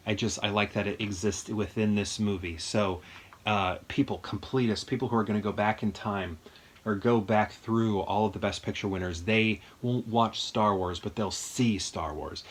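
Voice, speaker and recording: A man's voice: lowish voice, steady tone, normal speed, slightly rough. A man in a home movie room, chatting casually and enthusiastically, thinking aloud as he rambles through his collection. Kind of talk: casual chat.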